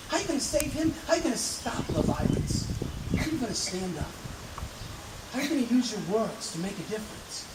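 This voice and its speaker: A man telling a personal dream story to an audience outdoors, building vivid excitement and sometimes breaking into laughter. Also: extremely high pitch. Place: outdoors on a hill. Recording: distant, echoey outdoor recording with background noise.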